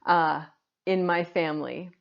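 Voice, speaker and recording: A woman with a lower-pitched voice co-hosts a relaxed talk show, thinking out loud with lots of "like" fillers. The recording sounds dull and muffled, a lo-fi capture. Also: a little slow, creaky. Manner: reflective, many "like" fillers. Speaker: podcast co-host. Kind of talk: casual conversation.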